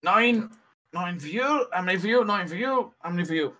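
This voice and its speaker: A man running a tabletop game as dungeon master, talking in a relaxed, halting way. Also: high voice.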